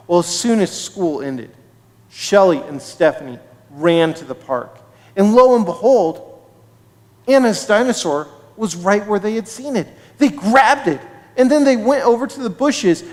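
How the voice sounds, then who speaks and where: A man with a high, very animated voice tells a children's story slowly and expressively at a synagogue service. The sound carries a long reverb from the sanctuary. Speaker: service leader.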